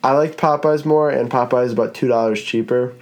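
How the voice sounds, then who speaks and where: A man's voice: medium pitch, steady tone, a little fast. Laid-back male podcast host. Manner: laid-back, rambling, swears casually. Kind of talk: casual podcast chat.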